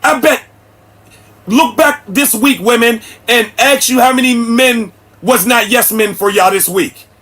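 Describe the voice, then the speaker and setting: A man's voice: extremely high pitch, unhurried, a bit bright. A man, hosting a livestream and preaching bluntly at his chat. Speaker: livestream host. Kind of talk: ranting livestream commentary. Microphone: streaming setup mic.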